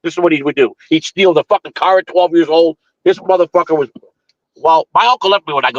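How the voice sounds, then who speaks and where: A man's voice: fairly high pitch, fast talker, no echo, highs cut off. A man hosting a morning show, telling a long story in casual, profane, rambling talk with frequent restarts. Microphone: streaming setup.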